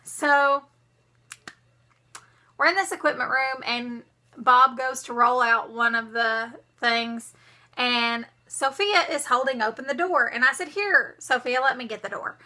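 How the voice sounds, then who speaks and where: Girl telling a storytime vlog, super bright voice, kinda high, dramatic and animated. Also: a little slow. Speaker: vlogger.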